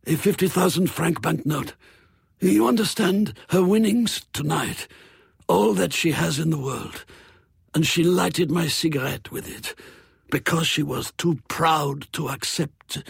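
A man voicing a proud, world-weary middle-aged French croupier who tells his past in a slow, intense confession. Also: a little high, vocal fry, breathy edge, no room sound, studio quality, pitched above the performer's own voice, full character voice. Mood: awed.

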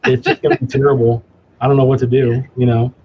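A middle-aged man chatting casually as a guest, telling animated, self-mocking stories with lots of restarts. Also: mid-range voice, quick pace, dull audio, a little hiss or hum. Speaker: cigar company guest. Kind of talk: casual storytelling chat.

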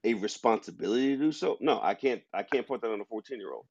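A man's voice: fairly low pitch, expressive, fast talker, creaky, a little mellow, husky, no echo. A man hosting a podcast, arguing his view emphatically in an opinionated discussion. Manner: emphatic, argumentative. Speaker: podcast host. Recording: dull lo-fi sound.

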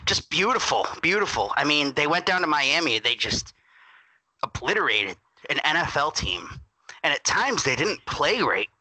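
A man co-hosting a sports podcast, talking in a gushing, excitable way and admitting he is worked up. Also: fairly high pitch, normal speed, slightly rough, no echo, poor audio. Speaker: podcast co-host.

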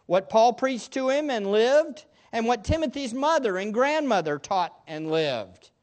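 A male pastor preaching a sermon to a congregation, stressing words emphatically and then dropping into soft asides. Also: very high-pitched, expressive, unhurried. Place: church room with a congregation.

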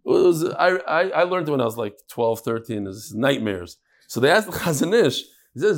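A man's voice: medium pitch, sing-song, normal speed. A man teaching a text-study lecture in a classroom, emphatic and rhetorical, often repeating his phrases. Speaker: religious studies teacher.

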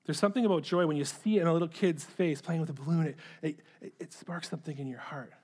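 A man's voice: a little high, fast, darkish tone, husky. A middle-aged man preaching a sermon, earnest, often repeating words as he starts a phrase. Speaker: pastor.

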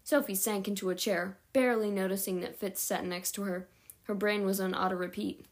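A woman's voice: mid-range voice, steady tone, a little fast. A woman reading a novel aloud at home, with small slips and self-corrections along the way. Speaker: audiobook reader.

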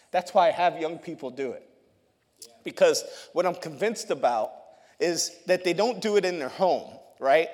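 A male youth pastor giving a testimony sermon to his congregation in a church, telling his story in a lively way, often laughing and repeating words. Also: on the high side. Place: church sanctuary. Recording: long hall reverb.

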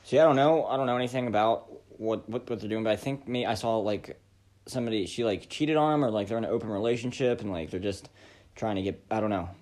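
A man's voice: on the low side, quick pace, darkish tone. A man hosting a casual reaction commentary, rambling with lots of fillers and breaking into profane rants. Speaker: commentary host.

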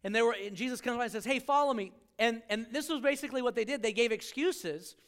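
A man's voice: very high-pitched, quick pace, fairly bright tone, clear, resonant tone. A male pastor preaching a sermon to a live congregation, joking and acting out quoted voices as he talks.

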